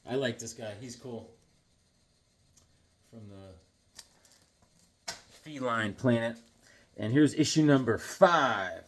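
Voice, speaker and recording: A man's voice: mid-range voice, a little hiss or hum. A man casually showing his comic books, rambling and joking with many restarts and silly asides. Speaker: comic book vlogger. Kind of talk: casual show-and-tell chat.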